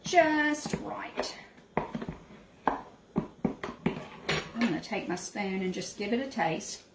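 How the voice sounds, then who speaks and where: Speaking at a medium pitch and a slow pace, a woman hosts a casual cooking demonstration from her small cabin kitchen. She's homey and chatty, calling her viewers "y'all." The room is echoey, and background noise is clearly audible.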